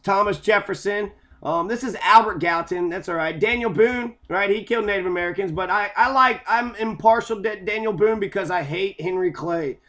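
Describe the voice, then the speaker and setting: A man's voice: high-pitched, normal speed, a bit bright. A man from Kentucky giving a heated, sarcastic, profanity-filled monologue about local history. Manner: heated, sarcastic, constant swearing.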